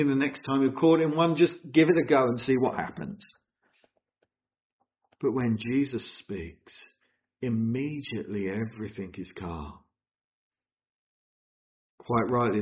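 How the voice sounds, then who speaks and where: A man preaching a sermon in an earnest, expressive way, asking his listeners questions. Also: mid-range voice. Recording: dull lo-fi recording.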